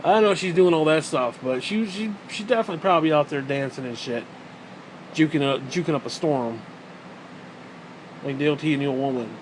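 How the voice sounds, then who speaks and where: A man's voice: fairly high pitch, brisk, a little hiss or hum, rough recording. Profane, sarcastic man ranting. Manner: profane, sarcastic, rambling rant. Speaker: vlogger. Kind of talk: rambling monologue.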